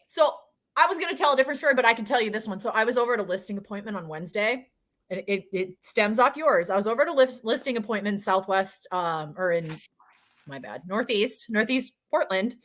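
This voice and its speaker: A woman's voice: on the high side, bright, forceful tone. A woman co-hosting a podcast, talking in a casual and bubbly way. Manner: bubbly, quick to react. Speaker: podcast co-host. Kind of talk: casual chat.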